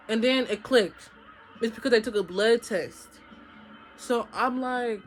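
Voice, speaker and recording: A woman's voice: on the high side, a little slow, faint music behind. A young woman telling her own story to her viewers in a casual, chatty storytime vlog, often talking to them directly. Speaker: vlogger.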